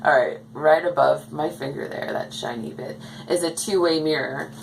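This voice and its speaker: Low gravelly woman rambling on about her dolls, faint hiss behind her. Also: moderate pace, poor audio. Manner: rambling, chatty, talks to her dolls and camera. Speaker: doll collector vlogger. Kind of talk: casual chat. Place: home, indoors.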